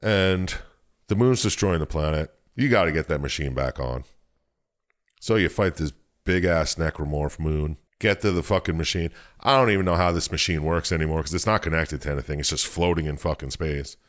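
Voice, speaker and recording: Very deep-voiced man, profane storyteller. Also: fairly quick. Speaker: podcast co-host. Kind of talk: casual chat, recapping a game plot.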